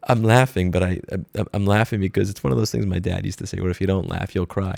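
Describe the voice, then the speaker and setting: A commentary host with a low, darkish, creaky voice rants angrily at high speed, barely pausing and keeping his intonation fairly even. He mocks with profane, sarcastic outbursts and slips into put-on corporate voices. He's close to a studio mic, with no room sound.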